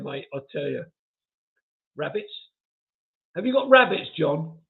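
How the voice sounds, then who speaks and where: A man's voice: fairly high pitch, expressive, moderate pace, gravelly. A man hosting a live stream, reading viewer comments aloud in a chatty, self-mocking way and chuckling often. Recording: tinny phone-like audio.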